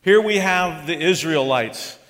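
A man with a high voice preaches a sermon in a relaxed, conversational way. He slips into mock grumbling voices to act out complaints. His voice rings on in a long church-hall reverb. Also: unhurried. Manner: conversational, acts out the complaints of the crowd. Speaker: pastor.

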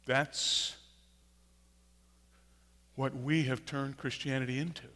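A male preacher delivers a sermon slowly and deliberately, hammering home repeated phrases and rising from hushed to loud. His voice is bright and clear, and it rings out with a long reverb in a large church space. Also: medium pitch. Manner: emphatic, repeats key phrases, swings from quiet to loud.

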